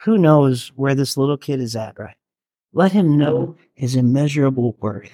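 A man's voice: mid-range voice, animated, normal speed, dark tone, no room sound, studio quality. A middle-aged man, a worship leader, talking earnestly and conversationally to a group, with restarts and asides. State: getting teary. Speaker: worship leader and chaplain teaching a workshop. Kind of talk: talk to a live group.

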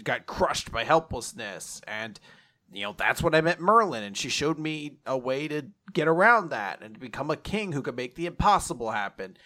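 A man speaking as an earnest young male king recounting his dream, in a halting, hesitant way with many fillers. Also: medium pitch, a bit bright, close to an everyday voice. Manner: hesitant, halting, full of "you know".

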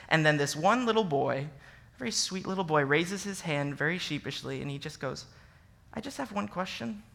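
Lively, bright-voiced young minister preaching. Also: male voice, sits high. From American Midwest. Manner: animated and conversational, acts out scripture with sarcastic emphasis. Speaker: associate minister. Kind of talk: sermon.

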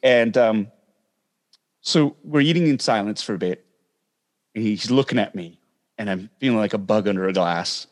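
A man's voice: on the low side, moderate pace, pauses often. A Canadian man, a guest actor, telling a story in casual chat and acting out the lines people said. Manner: animated anecdote-telling with acted-out quotes.

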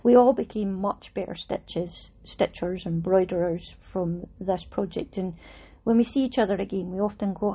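Chatty woman with a husky mellow voice. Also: mid-range voice, moderate pace, hardly any pauses. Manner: chatty, warm reminiscing with Scots words. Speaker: vlogger talking about her embroidery project. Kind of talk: casual storytelling.

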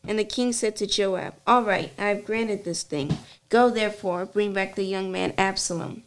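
A woman reading a long scripture passage to her study group at an even, middle pitch. She keeps a steady pace and fixes small slips as she goes. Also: moderate pace. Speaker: Bible study member.

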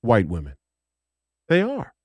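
A man's voice: medium pitch, huge pitch swings, takes it slowly, a little mellow, dry recording. A man, co-hosting a podcast, talking heatedly in a rambling, profane way with many restarts. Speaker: podcast co-host. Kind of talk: casual political chat.

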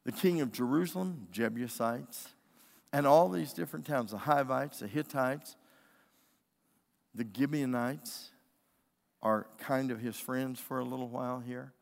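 A man's voice: medium pitch, a little slow, creaky. A middle-aged male pastor preaching a sermon with emphatic storytelling. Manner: emphatic preaching storyteller, acting out quoted voices. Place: church sanctuary. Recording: long reverb of a church hall.

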